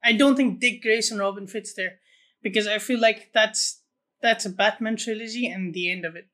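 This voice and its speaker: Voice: medium pitch, steady tone, normal speed, pushed and bright. A co-host on a film podcast who chats casually and talks bluntly and with enthusiasm.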